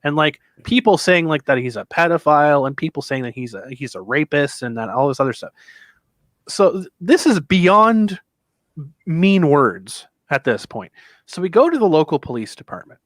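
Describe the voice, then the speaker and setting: A man's voice: fairly high pitch, sing-song, normal speed, fairly bright tone, no room sound. A man telling a long, rambling story in casual chat, swearing freely and acting out what other people said. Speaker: podcast co-host telling a convention story.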